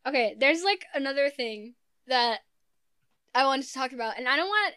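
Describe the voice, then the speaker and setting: An earnest young woman chats as a podcast guest, filling her thoughts with "like". Her voice is smooth and a touch high. The room is dry. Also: animated, normal speed, bright, forceful tone, dry recording. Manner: earnest, lots of "like" fillers. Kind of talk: casual podcast chat.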